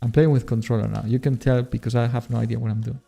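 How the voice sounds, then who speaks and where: A man's voice: mid-range voice, level tone, fast, gravelly, dark tone. Casual, self-mocking male streamer. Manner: casual, self-deprecating, swears often, laughs at himself. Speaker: streamer and modpack creator. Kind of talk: casual live-stream gameplay chat.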